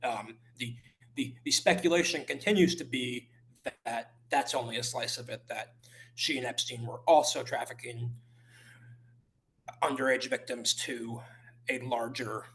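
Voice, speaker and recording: Male journalist guest, mid-pitched, hesitant, many restarts. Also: a bit bright. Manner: halting, many restarts and fillers. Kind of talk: podcast interview answers. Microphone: remote call.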